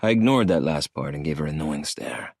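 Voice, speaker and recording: A man narrating an audiobook in the first person with an expressive, dramatic delivery. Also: rumbling low, a little fast, no room sound, studio quality.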